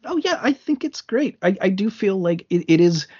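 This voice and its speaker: A man's voice: high-pitched, very animated, normal speed, darkish tone, slightly rough. A man co-hosting a podcast, chatting casually about films, rambling with frequent restarts and fillers. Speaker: podcast co-host. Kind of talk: casual film discussion. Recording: slightly muffled lo-fi podcast audio.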